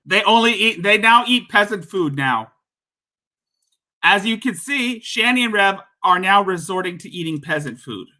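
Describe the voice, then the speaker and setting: A man's voice: high voice, animated, normal speed, bright, forceful tone. A male livestream host giving casual, mocking commentary on a clip. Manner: mocking, ranting.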